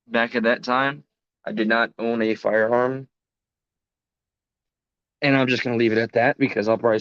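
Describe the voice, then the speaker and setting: A young man rambles through stories on a live stream, cracking jokes at his own expense and swearing as he goes. His voice sits at an ordinary middle pitch. The audio is dry and a bit dull, like a cheap home microphone. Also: no room sound. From United States. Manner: loose, joking, self-mocking, swears freely.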